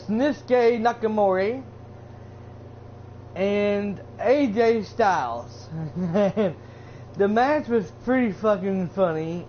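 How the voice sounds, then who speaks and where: A man with a fairly high voice rambles through a casual recap, stumbling over fillers and starting his sentences again. The sound is dull and lo-fi, with a faint hiss underneath. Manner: rambling, full of fillers and restarts. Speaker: streamer.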